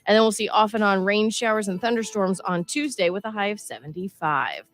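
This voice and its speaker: Female radio meteorologist, calm even read, faint music bed behind. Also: mid-range voice, brisk. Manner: smooth, even forecaster delivery. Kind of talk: scripted weather forecast.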